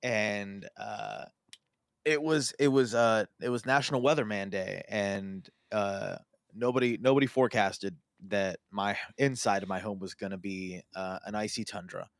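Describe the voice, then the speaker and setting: A man's voice: on the low side, fairly even intonation, normal speed, creaky, no room sound, clean studio sound. A man co-hosting a casual live-stream show, rambling through his story with many fillers. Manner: rambling, lots of fillers and restarts. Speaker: co-host.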